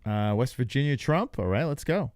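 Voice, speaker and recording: Young guy on a live stream, joking around and talking to chat, smooth voice, dry close sound. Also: mid-range voice, lively intonation, normal speed, darkish tone, no echo. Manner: loose, joking, talks to chat. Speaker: livestream host. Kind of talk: casual live reaction commentary.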